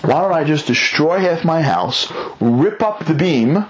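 A man's voice: fairly high pitch, animated, unhurried, lo-fi sound, voice pushed up. A man voicing a scheming, boastful male villain who talks in a smug, gloating way. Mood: gleeful.

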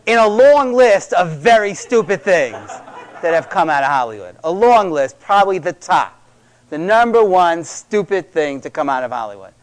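A man's voice: high voice, clear, resonant tone. A middle-aged man speaking to a live audience about parenting, conversational and emphatic, repeating key words for stress.

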